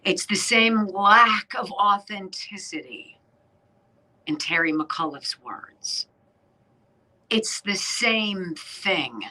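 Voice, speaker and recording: A woman's voice: medium pitch, animated, very slow, pushed and bright, rough recording. A woman hosting a talk radio show, delivering commentary in an emphatic, sarcastic way. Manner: emphatic and sarcastic, with mocking put-on quotes.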